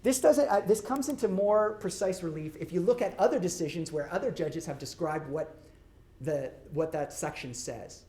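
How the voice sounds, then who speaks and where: A man's voice: fairly high pitch, normal speed, warm tone. A middle-aged man, a law professor, giving a conversational public lecture and often checking in with his audience. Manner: conversational, checks in with frequent "right?". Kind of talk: academic lecture.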